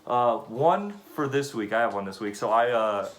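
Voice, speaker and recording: A man's voice: medium pitch, moderate pace, a little hiss or hum. A young man co-hosting a podcast, telling a story in casual chat with laughter and swearing. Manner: laughing, profane, animated storyteller. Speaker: podcast co-host.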